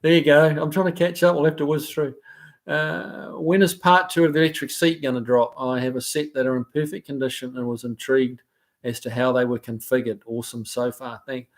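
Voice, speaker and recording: Brisk and flat in delivery, a New Zealand man with a mid-range voice hosts a live stream. He reads out viewer comments and answers them loosely and casually, using many fillers and restarts.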